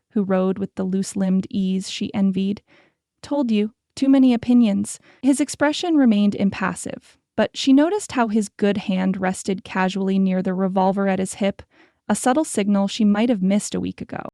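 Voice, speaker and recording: Gravelly, warm woman narrating an audiobook. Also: medium pitch, steady tone, normal speed, no echo, studio quality. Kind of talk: scripted narration.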